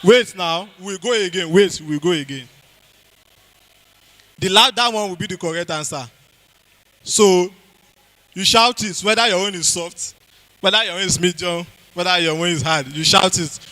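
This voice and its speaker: A man's voice: high voice, moderate pace, pauses often, pushed and bright, rough recording. A man with a Nigerian accent giving a health talk to a church congregation, quizzing the audience and repeating key phrases. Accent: Nigerian English.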